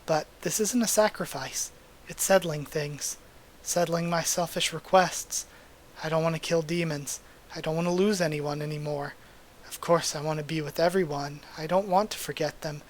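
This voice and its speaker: A man's voice: a little high, fairly even intonation, moderate pace, a little hiss or hum, lightly acted. A man reading the lines of a brave, selfless teenage girl in a manga, earnest and plain. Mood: resolute.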